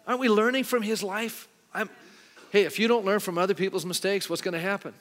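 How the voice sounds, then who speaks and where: A man's voice: high-pitched, fairly even intonation, fast talker, a bit bright. A middle-aged male pastor preaching a sermon in a church, talking conversationally and putting frequent questions to the congregation. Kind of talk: sermon with altar call. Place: church sanctuary. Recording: long hall reverb with faint music.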